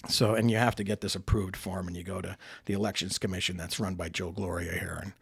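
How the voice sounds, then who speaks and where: Husky man telling a story, chatty. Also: deep voice, fairly even intonation, quick pace, a bit bright, dry recording. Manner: chatty, acts out quoted dialogue, frequent "right?" tags. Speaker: podcast guest, political candidate. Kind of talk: casual anecdotal storytelling.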